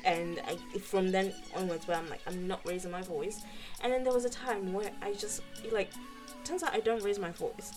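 A woman's voice: moderate pace, music in the background. A woman, chatting casually as a podcast co-host and acting out what people said. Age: 20s. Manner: animated, acts out quotes with big pitch swings. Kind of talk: casual chat.

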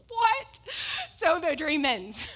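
A woman's voice: a little high, a bit bright. A woman preaching a sermon, emphatic and repetitive, often breaking into laughs as she makes her points.

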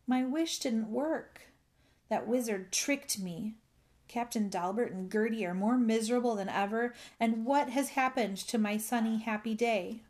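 An earnest, kindly male bullfrog from a storybook, voiced by a woman who pitches him well above her own voice. He talks in a slow, unhurried way. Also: natural voice. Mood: sad. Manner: earnest, high and excited when calling out.

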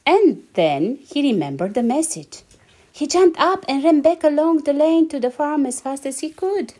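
Warm, animated woman reading a storybook. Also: high-pitched, normal speed. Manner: lively, animated reading with voices and giggles. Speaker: parent reading aloud.

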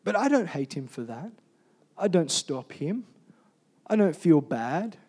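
A male pastor preaching a sermon, swinging from loud emphatic calls to soft, quiet storytelling. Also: on the high side, very animated, a little slow, slightly rough.

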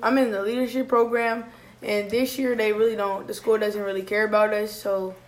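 A woman's voice: medium pitch, little pitch movement, moderate pace, rough recording. A teenage girl on a talk show panel, speaking earnestly about school. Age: teens. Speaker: panel guest.

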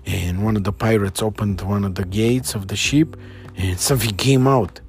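A man's voice: on the low side, moderate pace, a little mellow, soft background music. A man improvising a playful story for a child, with sound effects and voices.

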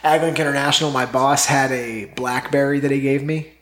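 A man's voice: medium pitch, brisk, crowd noise. A man co-hosting a casual podcast, telling stories with lots of swearing and acting out what other people said. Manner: animated storyteller, swears, acts out other people. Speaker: podcast co-host. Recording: echoey room.

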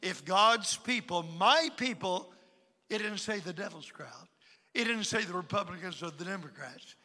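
A man, older, preaching a sermon to a church congregation, swinging between loud emphatic lines and quiet asides. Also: high-pitched, animated, normal speed. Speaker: pastor. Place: large church auditorium. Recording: long hall reverb.

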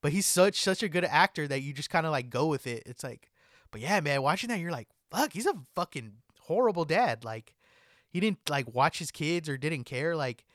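A young man co-hosting a podcast chats casually in a laid-back way, swearing a lot and saying "like" constantly. His voice is on the high side, animated, a bit bright, and at normal speed, recorded on a dry close mic with no room sound.

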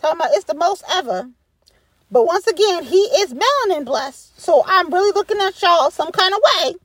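A woman's voice: extremely high pitch, expressive, normal speed, fairly bright tone, dry recording. A woman delivering a blunt, profane ranting monologue, repeating herself for emphasis.

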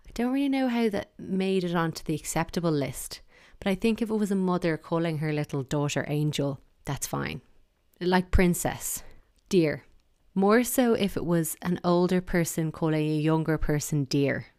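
Irish woman with a low smooth voice, chatty and opinionated, dry close sound. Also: moderate pace, darkish tone, no echo. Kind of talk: casual monologue.

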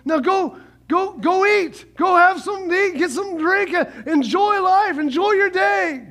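A man's voice: extremely high pitch, expressive, takes it slowly, fairly bright tone, voice pushed up, heavily acted. A preacher doing an ancient leader urging his people. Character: ancient leader urging a weeping crowd, male, commanding.

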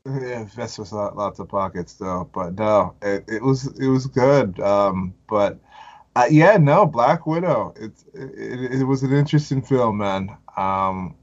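A man's voice: lowish voice, expressive, a little slow, highs cut off. A man speaking as a podcast guest, casual and hesitant, stumbling through fillers and restarts.

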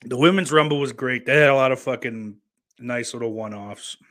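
Indoors at home, a man streams live, reading the chat out loud while cursing and rambling casually. The dry recording captures a mid-range, somewhat bright voice at normal speed.

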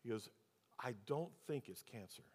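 This sermon comes from a male pastor with a medium-pitched, animated voice that has a breathy edge, delivered at a normal pace. He tells of his own experience, then confronts the congregation with rhetorical questions, and the audio carries long hall reverb.

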